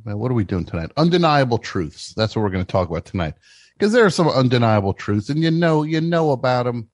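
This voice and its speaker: A man hosts a comedy radio show from a studio mic, riffing brashly and jumping between mock yelling and low mutters. His pitch swings widely and animatedly. The room sound is dry and close. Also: big pitch swings, fast, dry recording. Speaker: host.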